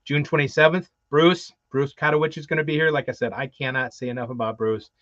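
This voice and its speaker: A man's voice: mid-range voice, fairly even intonation, a little fast, fairly bright tone, no echo. Guy rambling thru a show preview, lots of ums, dry muffled lo-fi audio. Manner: rambling, many fillers and restarts. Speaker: co-host. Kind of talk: casual show chat, previewing guests. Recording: dull lo-fi, dry.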